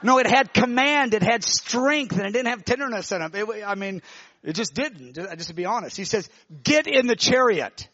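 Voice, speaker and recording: High-voiced preacher telling a vision. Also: male voice, a little fast, dry recording, dull audio. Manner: animated, emotional storytelling with many restarts. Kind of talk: sermon testimony, telling a vision.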